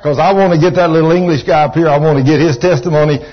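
A man preaching a storytelling sermon in a church, folksy and animated, sometimes rising to shouts of praise. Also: fairly high pitch, quick pace, slightly rough. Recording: dull lo-fi church recording.

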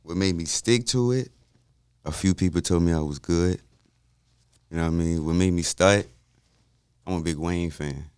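A man with a very deep, smooth voice talks easily as a podcast guest. He keeps a relaxed, unhurried manner and often asks "you know what I mean." The sound is dry, with no room around it. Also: no room sound. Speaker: guest rapper. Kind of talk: casual interview talk.

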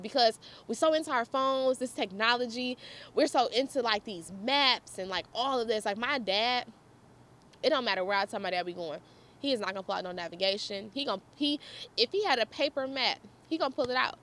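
A woman's voice: on the high side, fairly bright tone. A young woman vlogger telling a personal story in a casual, chatty way, laughing often and talking straight to her viewers.

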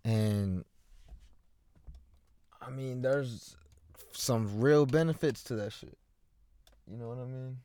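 A man's voice: mid-range voice, takes it slowly, long pauses, mellow. Rambling, profane young man. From Oklahoma, USA. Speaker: podcast host. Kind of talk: rambling solo monologue. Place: inside a parked car. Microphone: microphone with headphones.

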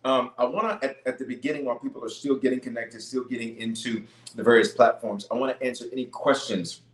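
A man's voice: medium pitch, fairly even intonation, quick pace, echoey room. A man serving as bishop, leading a live-streamed prayer call, greeting viewers by place and answering their questions with emphatic repetition. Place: room at home base near Denver.

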